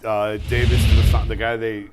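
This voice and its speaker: A man on a casual sports talk panel, talking in a measured, conversational way. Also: on the low side, little pitch movement, music in the background.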